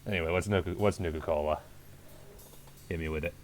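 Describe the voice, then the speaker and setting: A man's voice: low voice, steady tone, brisk, a little hiss or hum. A young man streaming a puzzle game, talking through it with dry, wry humour and reading in-game text aloud. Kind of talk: let's play commentary.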